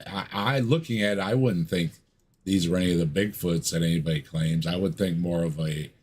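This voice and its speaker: Very deep, husky-voiced male guest. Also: a little fast, darkish tone. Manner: hesitant, laughs easily. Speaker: podcast guest. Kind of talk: casual chat.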